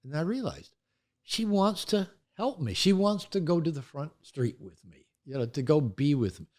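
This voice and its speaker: A man's voice: fairly high pitch, normal speed. An older man, an author and therapist, talking candidly in an interview and acting out quoted voices as he tells stories. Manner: animated storytelling, acts out quoted voices.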